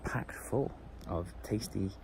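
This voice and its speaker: A man chatting casually to a handheld camera as a travel vlogger, relaxed and full of fillers. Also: lowish voice, takes it slowly, vocal fry, in a whisper. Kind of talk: casual vlog narration. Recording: loud background noise.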